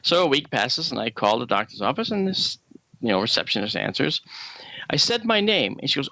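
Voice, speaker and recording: Animated gravelly man telling a story. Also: mid-range voice, brisk, no room sound, rough recording. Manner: animated, acts out dialogue in the story. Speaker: guest. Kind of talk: personal storytelling on a call-in radio show.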